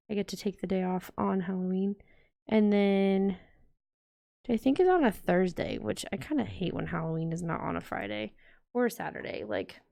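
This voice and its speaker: A woman's voice: medium pitch, creaky, a little mellow. A woman vlogger chatting casually to her viewers while decorating a planner, rambling and talking straight to the audience. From United States.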